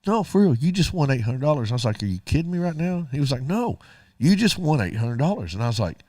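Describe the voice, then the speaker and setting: A man's voice: a little high, big pitch swings, quick pace, darkish tone, dry recording, studio quality. A middle-aged man, co-hosting a radio show and telling a story casually while acting out both sides of the dialogue.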